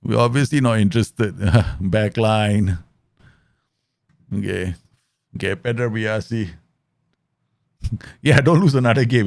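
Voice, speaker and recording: Animated man streaming. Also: fairly low pitch, no echo. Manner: animated, laughs often, mimics voices in stories. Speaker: game streamer. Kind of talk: live football manager gameplay commentary with chat.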